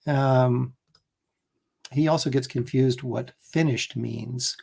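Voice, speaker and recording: A man's voice: medium pitch, fairly even intonation, slow, vocal fry, a little mellow, slightly rough. A man hosting a casual livestream chat, telling rambling, jokey stories. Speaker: host.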